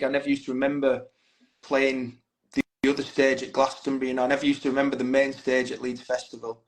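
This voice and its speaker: A band's frontman guests on a casual podcast, telling stories candidly, swearing freely and saying "mate" a lot. His medium-pitched voice is level and fast, and the audio is poor.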